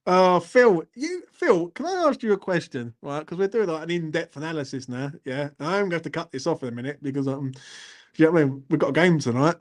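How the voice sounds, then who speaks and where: A young man hosting a casual live stream reads the chat aloud in a medium-pitched, expressive voice that runs a little fast. His laddish, chatty style leans on the repeated phrase "do you know what I mean."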